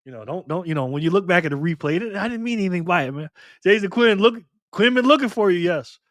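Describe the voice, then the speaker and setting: A man's voice: high-pitched, animated, quick pace, a bit bright, no room sound, clean studio sound. A man hosting a live stream, casually reading viewer comments and trading teasing, slangy banter with lots of laughter.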